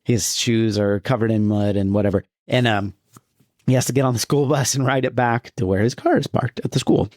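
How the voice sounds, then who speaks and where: Male co-host, laid-back, quick to laugh, casual swearing, dry close mic. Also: mid-range voice, steady tone, darkish tone, no echo. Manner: laughs often, loose and swearing, trails off. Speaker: podcast co-host. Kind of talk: casual movie-review chat.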